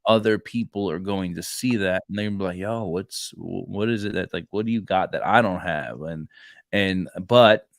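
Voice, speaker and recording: Low-voiced man telling stories, dry sound. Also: moderate pace, vocal fry, no room sound. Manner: rambling storyteller, acts out quoted dialogue. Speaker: podcast co-host; Marine reservist. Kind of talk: casual faith chat.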